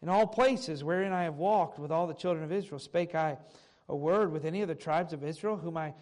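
A man's voice: on the high side, a little fast, darkish tone. A man preaching a sermon who reads old scripture aloud and then restates it in plain everyday words. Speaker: pastor.

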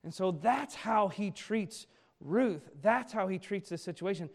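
A male pastor preaching a sermon in an animated way, acting out the speech of people he quotes. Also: high voice, a little slow.

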